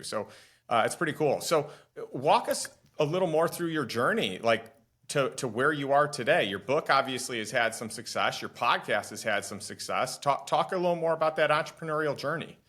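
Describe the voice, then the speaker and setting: A man hosting a podcast, talking warmly with his guest in an eager, rambling way and often repeating words. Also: mid-range voice. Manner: enthusiastic, repeats words as he talks. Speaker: podcast host. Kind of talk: conversational interview.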